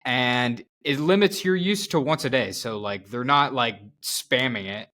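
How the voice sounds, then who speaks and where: Man, late twenties, mid pitch, earnest reasoned podcast talk. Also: a little slow, pushed and bright. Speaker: podcast co-host. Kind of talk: casual chat.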